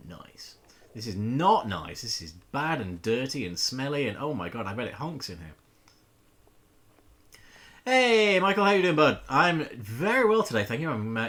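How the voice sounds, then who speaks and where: A playful man streaming a game live, his voice bouncing all over with lively pitch. The tone is bright and forward. He jokes, greets his chat and swears casually as he plays.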